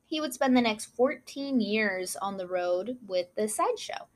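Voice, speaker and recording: A woman's voice: medium pitch, lively intonation, unhurried. A woman co-hosting a casual chat, reading out history notes with frequent asides and apologies for mispronounced names. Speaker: podcast co-host.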